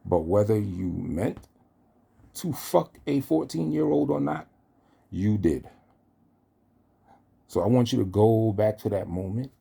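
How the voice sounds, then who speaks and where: A man's voice: fairly low pitch, gravelly, dark tone, husky. A man delivering a heated, profane callout rant, speaking straight at the person he confronts. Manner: confrontational, profane, addresses target directly. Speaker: online commentator.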